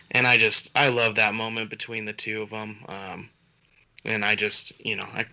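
Male co-host, lowish voice with a sharp, bright edge, eager and laughing, muffled lo-fi recording. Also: little pitch movement, normal speed. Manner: enthusiastic, laughs while talking. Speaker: podcast co-host. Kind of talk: casual chat.

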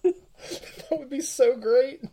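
A man's voice: extremely high pitch, takes it slowly, dark tone, a little hiss or hum. A man joining a casual film chat, eager and laughing often.

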